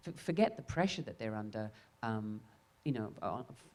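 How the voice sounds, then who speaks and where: A woman's voice: extremely low pitch, animated, normal speed, darkish tone. A woman actor answering panel questions in a reflective way, often restarting and repeating words.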